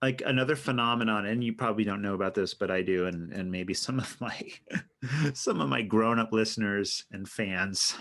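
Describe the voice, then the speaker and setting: A man's voice: on the low side, moderate pace, a bit bright. A man co-hosting a casual comedic podcast chat, playful and mock-earnest, asking about slang. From not from New York. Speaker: podcast co-host.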